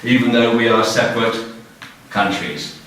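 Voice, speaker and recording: A man in his sixties with an English accent, teaching a class in simple, slow phrases and often checking that students follow. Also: medium pitch, a bit bright, slight background noise. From England. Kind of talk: classroom lesson. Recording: echoey classroom, mic far off.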